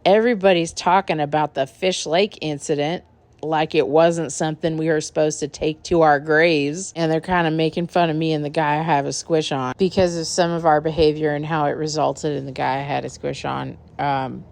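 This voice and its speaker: Deep-voiced woman with vocal fry, rambling casual storyteller. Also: steady tone, moderate pace, a little mellow. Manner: candid, profane, rambling.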